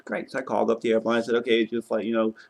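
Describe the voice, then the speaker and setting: A young man vlogging casually, retelling a travel mishap in an exasperated, animated way and swearing now and then. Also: medium pitch, racing, gravelly. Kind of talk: casual travel vlog rant.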